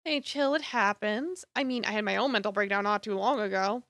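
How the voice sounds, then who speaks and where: A woman voicing a steady young woman in a game, speaking softly and reassuringly. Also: mid-range voice, dry recording, studio quality, pitched below the performer's own voice, lightly acted. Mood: calm. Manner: soft, measured, soothing.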